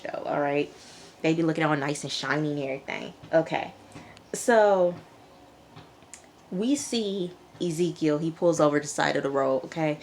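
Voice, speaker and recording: A woman reviewing a TV episode in a chatty, animated way, laughing often and talking straight to her viewers. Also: low-pitched, a little hiss or hum. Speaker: TV show reviewer. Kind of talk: casual review vlog.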